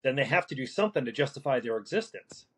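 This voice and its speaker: A man who works as a paramedic, talking through a casual podcast conversation in a halting way, with many restarts and fillers. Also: mid-range voice, sing-song, slightly rough, low-quality recording. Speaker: paramedic guest.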